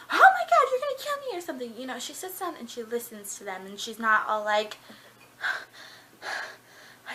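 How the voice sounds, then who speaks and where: A young woman chats through a casual book review vlog, bubbly and gushing, her talk full of filler words. Her voice sits a little high and sounds bright. Faint hiss lingers under the recording. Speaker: book vlogger.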